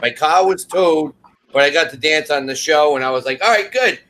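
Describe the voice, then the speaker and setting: Man from the northeastern US, animated storyteller, slightly high voice, faint rumble. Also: brisk. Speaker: panelist. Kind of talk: casual group chat.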